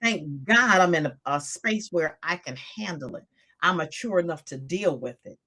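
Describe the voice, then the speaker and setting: A woman's voice: on the low side, lively intonation, moderate pace, pushed and bright. A woman in her sixties, a coach talking on a live stream, emphatic and repeating phrases for stress.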